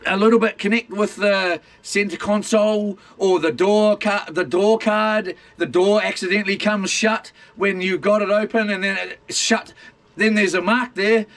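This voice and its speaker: Blunt high-voiced New Zealand man. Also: fairly bright tone. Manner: blunt, rambling, keeps saying "mate". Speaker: livestreamer. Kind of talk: casual livestream rant.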